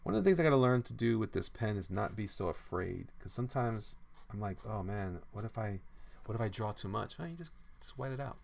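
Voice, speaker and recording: A man's voice: on the low side, lively intonation, fairly quick, vocal fry, a little mellow. A man streaming as a comic artist, chatting casually and playfully with his viewers, often trailing off and repeating himself. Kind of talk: casual livestream chat, reading comments aloud.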